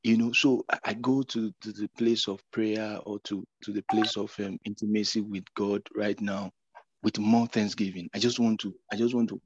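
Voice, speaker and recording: Halting man on a muffled call. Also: lowish voice, level tone, breathy edge, no echo. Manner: halting, repeats words, earnest. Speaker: participant. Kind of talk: casual faith sharing. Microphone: video call.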